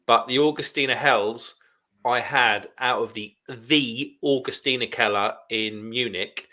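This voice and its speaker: A man co-hosting a beer livestream, telling an animated story and laughing as he goes. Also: medium pitch, a little slow. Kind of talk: casual drinking chat.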